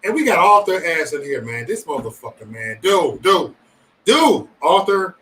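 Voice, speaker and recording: A man's voice: fairly high pitch, sing-song, normal speed, sharp tone, distant mic, rough recording. A man hosting a livestream, chatting casually with viewers in profane, rambling banter and joking threats. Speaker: livestream host.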